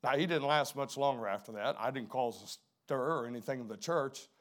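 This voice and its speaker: A middle-aged man preaching a sermon, dropping to hushed low emphasis and then rising to loud, emphatic preaching. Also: fairly quick.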